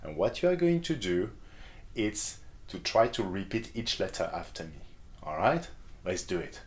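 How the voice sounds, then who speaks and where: A man, teaching a beginner lesson in a slow, careful, encouraging way. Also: deep voice, expressive. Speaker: French teacher. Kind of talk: language lesson. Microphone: camera framing on face.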